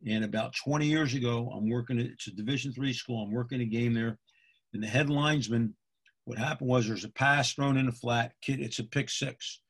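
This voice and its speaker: Brisk and husky in a mid-range voice, a middle-aged official from Pennsylvania teaches other football officials in a homespun manner. He restates his points and checks in by saying "okay?"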